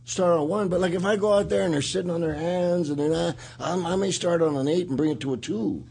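Husky man telling rambling stories. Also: sits high, quick pace, a little mellow. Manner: rambling storyteller, laughing often. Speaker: podcast host and retired wrestler. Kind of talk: casual chat.

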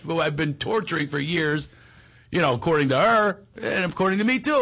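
A man's voice: high-pitched, expressive, fairly quick, vocal fry, bright, forceful tone. A man, a comedian, telling a personal story in a conversation, laughing often and acting out what others said. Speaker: comedian guest.

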